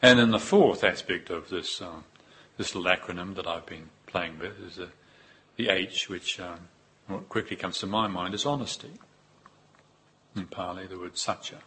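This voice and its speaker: A man giving a Buddhist dharma talk, unhurried and reflective, with pauses and repeated phrases. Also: sits low, bright, forceful tone, slightly rough. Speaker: Buddhist teacher.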